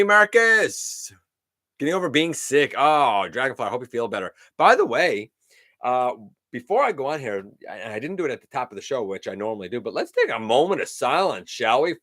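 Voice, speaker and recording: A middle-aged man chats casually on a live stream, his pitch rising and falling a lot as he greets viewers one by one. He fills his pauses with plenty of ums and uhs. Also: sharp tone. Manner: chatty, greets viewers by name, many fillers. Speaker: host of a live toy-collecting show.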